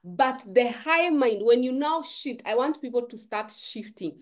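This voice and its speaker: A woman's voice: on the high side, animated, a little slow. A woman giving an emphatic, preachy motivational talk to camera, repeating phrases for stress. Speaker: forex trading YouTuber.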